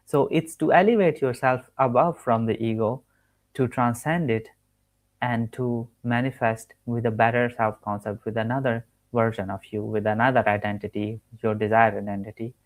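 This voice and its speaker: A man of average pitch gives a spiritual teaching talk from home. He speaks earnestly and in loops, repeating key phrases and stopping to fix his own wording. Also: steady tone, normal speed. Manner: earnest, repetitive, restarts and self-corrections. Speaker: manifestation coach. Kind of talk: spoken teaching monologue.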